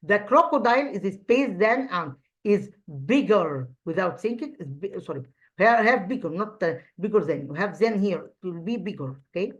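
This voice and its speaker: A woman's voice: medium pitch, expressive, normal speed, lo-fi sound. A woman English teacher with an Egyptian accent, whose first language is Arabic, explaining grammar in a recorded online lesson with many fillers and restarts.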